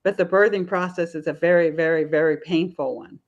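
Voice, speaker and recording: A woman's voice: on the low side, fairly even intonation, a little fast, dull audio. A woman in her fifties, an author guest on a podcast, talking casually and telling stories with frequent laughs. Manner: chatty storyteller, laughs often.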